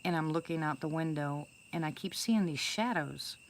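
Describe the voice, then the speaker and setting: An older woman with a low voice tells a long first-person story in a chatty, rambling way, full of restarts and fillers. She speaks to viewers as if chatting with them. Faint crickets and insects chirp in the background. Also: normal speed, slight background noise. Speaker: storyteller greeting live viewers.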